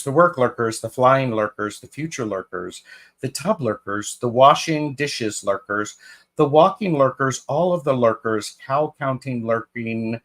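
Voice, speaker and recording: A man's voice: mid-range voice, fairly bright tone. A man in the middle of his register who takes his time. He co-hosts a live tarot stream and greets chatters one by one, with plenty of ums and restarts. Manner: unhurried, greets chatters by name with fillers and restarts. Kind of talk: casual live-stream chat.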